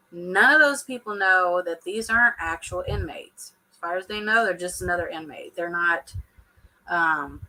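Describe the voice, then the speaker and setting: A woman's voice: on the low side, bright, forceful tone, rough recording. A woman, chatting casually and laughing often as she reacts to a show for her viewers. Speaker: reality TV reaction vlogger.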